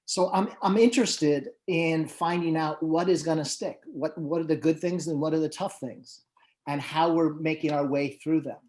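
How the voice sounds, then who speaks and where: A man's voice: fairly high pitch, normal speed, a little mellow. A man who manages musicians, moderating a panel and telling anecdotes in a loose, conversational way with many fillers and restarts. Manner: storytelling, with frequent fillers and restarts.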